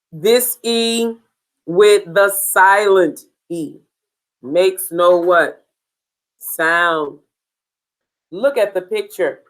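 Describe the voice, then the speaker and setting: A woman teaching a beginners' phonics lesson, slow and deliberate, drilling sounds and spelling words letter by letter. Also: mid-range voice, fairly bright tone, poor audio.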